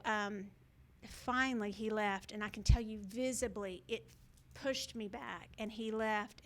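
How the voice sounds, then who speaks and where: A woman's voice: fairly high pitch, a bit bright. A woman hosting a show, telling a personal story to viewers in a rambling, earnest way with many fillers and restarts. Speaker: show host.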